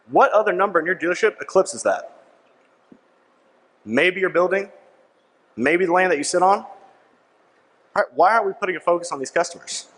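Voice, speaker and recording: A man's voice: on the high side, a bit bright. Persuasive man speaking in a reverberant hall. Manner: persuasive, keeps asking "right?"; punchy, repeats key lines. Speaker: conference speaker. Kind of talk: sales conference presentation. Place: large conference hall. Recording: long reverb of a big hall.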